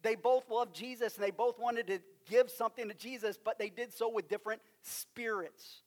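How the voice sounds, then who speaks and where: A man with a West Texas accent preaching a sermon, emphatic, with drawn-out stresses and rhetorical questions. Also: high voice, steady tone. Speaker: pastor.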